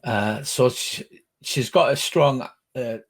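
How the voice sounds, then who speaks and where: An older man narrating as game master, explaining rules with halting, rambling speech. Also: mid-range voice, gravelly, slight background noise.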